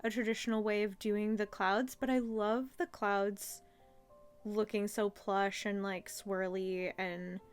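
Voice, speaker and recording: A woman's voice: mid-range voice, little pitch movement, unhurried, clean tone, faint music behind. A young adult woman hosting a casual review of a childhood cartoon, chatty and gushing, full of filler words. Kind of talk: casual commentary.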